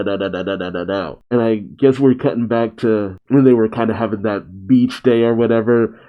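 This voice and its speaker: A man's voice: lowish voice, highs cut off. A young man casually reading a manga chapter aloud and commenting, trying light voices for the characters and laughing often. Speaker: manga reaction host.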